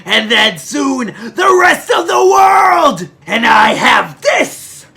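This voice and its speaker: A man doing a shouting, gloating villain. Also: extremely high pitch, sing-song, slow pace, vocal fry, heavily acted. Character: ranting male villain threatening the world.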